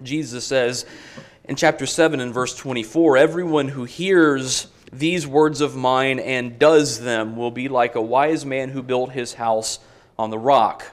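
A man preaching an expository sermon, reading scripture aloud in an earnest, emphatic way and slowing down on the quotations. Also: mid-range voice, fairly even intonation.

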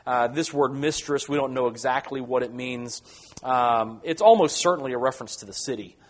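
A man leads a Bible study lecture at a mid-range pitch. He talks in a loose, conversational way, filling pauses with ums and uhs and often restarting his words. His tone is that of a teacher explaining a passage.

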